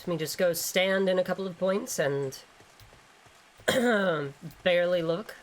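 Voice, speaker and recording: A woman's voice: lowish voice, measured pace. A woman streamer giving casual gameplay commentary, rambling, joking and swearing freely. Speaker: gaming streamer.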